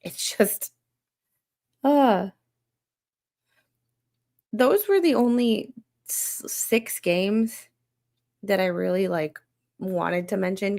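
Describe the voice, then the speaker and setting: Woman, gravelly, lowish voice, rambling, exasperated, swears, casual rant. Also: a little mellow. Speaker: podcast host.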